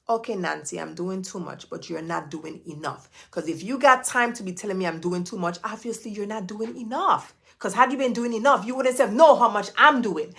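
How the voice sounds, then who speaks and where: A woman with a mid-range, fairly bright voice coaches live viewers on business, speaking right to them. Her style is emphatic, preachy and motivational, and she repeats key phrases twice, sometimes three times.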